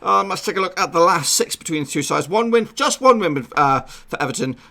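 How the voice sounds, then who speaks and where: A man vlogging his football predictions in a casual, jokey way, shouting out viewers with repeated catchphrases. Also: high voice, animated, brisk, gravelly.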